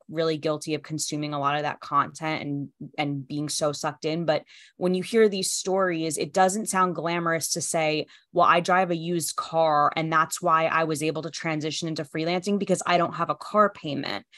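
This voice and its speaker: A woman's voice: on the low side, fairly bright tone, no room sound, studio quality. A woman hosting a podcast in casual interview chat, candid and emphatic, with many "like" fillers. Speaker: podcast host.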